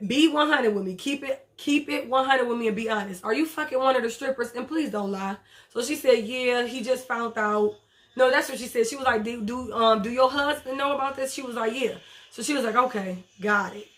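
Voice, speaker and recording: A woman's voice: fairly high pitch, a little fast, fairly bright tone. A woman recapping a TV episode in casual chat, blunt and profane, talking back to the characters as she goes. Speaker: TV show reviewer.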